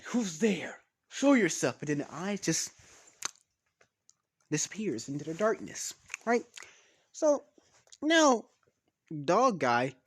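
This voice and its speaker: A man casually making up a story as he goes, rambling, swearing and losing track of names. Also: fairly high pitch.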